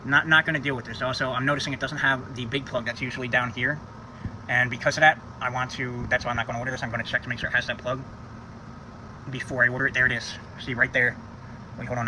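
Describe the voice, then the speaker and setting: Out in his home driveway beside a car, a man films a casual DIY repair vlog, thinking aloud and swearing without restraint. He has a mid-range voice, and the background is noisy.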